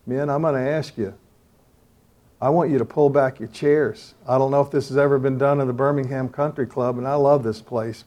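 An older preacher delivering a sermon and fervent prayer to a room of men. His mid-pitched voice swells into loud calls and then falls to hushed pleading.

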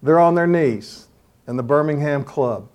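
Preacher doing god talking to the angels, voice jumps up high and loud, fed up but proud. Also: male voice, measured pace, lightly acted. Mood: exasperated. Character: God, male, exasperated yet proud of his kneeling men.

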